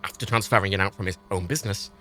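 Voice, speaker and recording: A man's voice: low-pitched, very fast, faint music behind. A British man on a livestream, ranting in an exasperated way and swearing heavily as he talks. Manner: exasperated, heavy swearing, animated.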